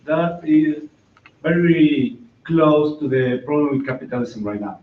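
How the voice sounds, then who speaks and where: A man in the audience asking a question hesitantly, with many pauses and restarts. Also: a little high, steady tone, slight background noise. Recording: distant, echoey, lo-fi room recording.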